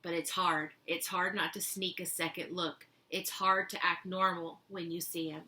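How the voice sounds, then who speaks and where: Bright-voiced woman reading a story aloud. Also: lowish voice, moderate pace. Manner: reads the dialogue with lively expression.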